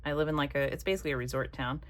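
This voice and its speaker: A woman chatting casually while she crafts, rambling from one thought to the next and dropping soft muttered asides. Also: a bass voice, steady tone, very fast. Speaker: craft vlogger.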